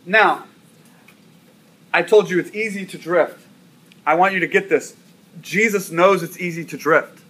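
Bright-voiced man preaching with emphatic repetition. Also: sits high, a little slow, pauses often. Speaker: pastor. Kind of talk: sermon.

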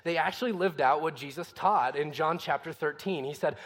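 A male pastor delivers a sermon in a relaxed, conversational way, often asking the congregation questions. His voice sits fairly high for a man. The sound rings out in a long, echoing hall. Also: fairly quick. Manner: conversational preaching, rhetorical questions.

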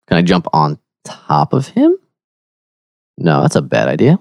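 A man with a very low voice plays a tabletop game, talking through his moves and second-guessing himself as he goes. His pitch swings widely despite how low it sits. The sound is dry and close. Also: wildly swooping pitch, unhurried, vocal fry, long pauses, a little mellow, dry recording, dull audio. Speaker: player. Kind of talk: casual tabletop game play.

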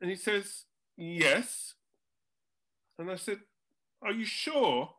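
An older jingle composer tells studio stories on a chatty talk show, his high, sharp voice animated yet unhurried. With dry comic timing, he acts out other people's lines as he spins his anecdotes.

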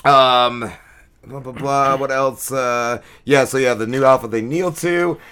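A man's voice: medium pitch, clear, resonant tone. A man hosting a podcast, recapping a TV episode in a rambling, profane, casual way with plenty of filler words. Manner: animated retelling with quick drops in energy. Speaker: podcast host.

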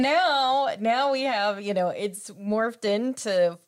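A woman's voice: a little high, takes it slowly, few pauses. A woman blogger and podcast host telling stories in casual panel chat, laughing easily. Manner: chatty storyteller, laughs often.

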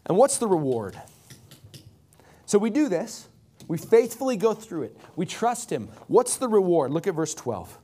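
Middle-aged male pastor, light high voice, chatty sermon delivery that acts out quotes. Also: big pitch swings, measured pace, mellow. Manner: conversational preaching, acts out quotes.

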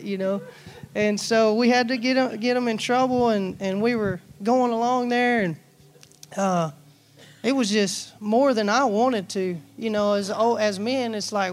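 A man's voice: high-pitched, steady tone, normal speed. A man preaching in a church, folksy and storytelling, acting out bits of dialogue. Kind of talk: sermon with personal stories. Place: church sanctuary.

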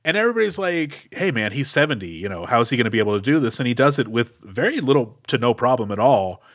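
A man's voice: medium pitch, big pitch swings, fast talker, fairly bright tone. A man co-hosting a podcast, musing wryly about an action movie in casual chat. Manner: wry, questioning, thinks aloud with fillers. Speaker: podcast co-host.

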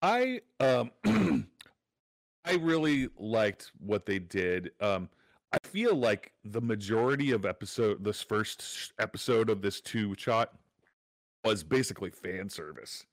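A man with a lowish voice recapping a show in a loose, animated chat. He talks fast in bursts and peppers his lines with fillers. The sound is dry and close. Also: no room sound. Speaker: podcast co-host. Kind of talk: casual chat about a show.

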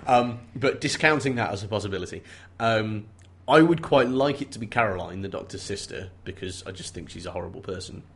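A man's voice: lowish voice, expressive, moderate pace, slightly rough. A man co-hosting a casual book chat, wry and joking with playful sarcasm. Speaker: podcast co-host. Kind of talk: casual chat about a mystery novel.

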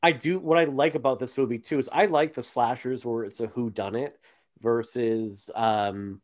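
A man's voice: medium pitch, steady tone, moderate pace. A man hosting a podcast, chatting casually with many fillers and asides. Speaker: podcast host. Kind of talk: casual chat.

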